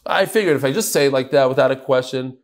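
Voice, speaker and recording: Quizzing students in his daily Talmud class, an animated male teacher blends Hebrew and Aramaic terminology into English. He has a mid-range voice and talks fast.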